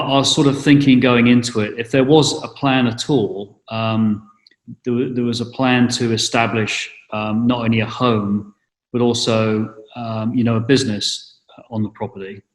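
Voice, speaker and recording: A man's voice: mid-range voice, fairly even intonation, unhurried. A middle-aged man from England, giving an interview and talking hesitantly, with many fillers and restarts. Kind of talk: casual interview. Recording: roomy echo.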